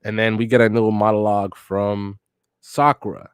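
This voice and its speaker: Young man, podcast host, low voice, dry close recording, casual joking reaction, profane. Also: moderate pace, no room sound. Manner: joking and profane, with sudden loud laughing outbursts. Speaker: podcast host reading a manga on air.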